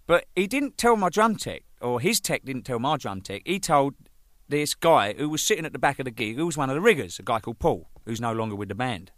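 A man, a band drummer telling anecdotes in an animated way, swearing freely and laughing at his own jokes. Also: mid-range voice, a little fast, no echo. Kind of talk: anecdotal storytelling.

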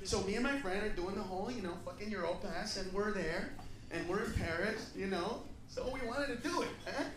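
High-voiced profane stand-up comic. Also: male voice, a little fast, background noise. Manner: profane, loud, punchy storytelling. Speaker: stand-up comedian. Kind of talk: stand-up comedy routine. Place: comedy club stage. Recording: echoey club from far, loud crowd.

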